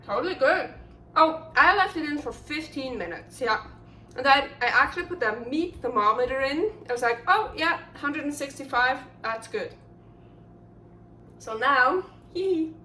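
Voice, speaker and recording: A woman's voice: high voice, expressive, normal speed, sharp tone, slight background noise. A woman hosting a casual cooking vlog, chatty and enthusiastic as she thinks aloud. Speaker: cooking channel host.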